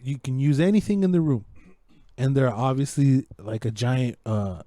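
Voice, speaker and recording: A man co-hosting a podcast, telling a story in casual, profanity-heavy chat that keeps building in excitement. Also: medium pitch, moderate pace, no room sound. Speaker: podcast co-host. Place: home podcast setup.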